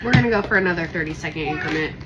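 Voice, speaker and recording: A woman's voice: low-pitched, very fast, highs cut off, very noisy. A young woman with a Midwestern accent, chatting and teasing while demonstrating a recipe in a home kitchen. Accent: Midwestern American. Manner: chatty, teasing, laughs often. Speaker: cooking vlogger. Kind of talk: casual cooking demo chat.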